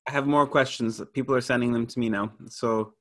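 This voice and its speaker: A man's voice: mid-range voice, steady tone, fairly quick. A man asking casual questions in a Bible study, thinking aloud as he talks.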